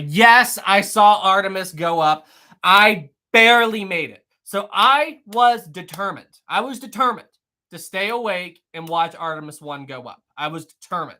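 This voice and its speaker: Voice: mid-range voice, expressive, normal speed, pushed and bright. A live-stream host chatting casually and answering the chat, often repeating phrases.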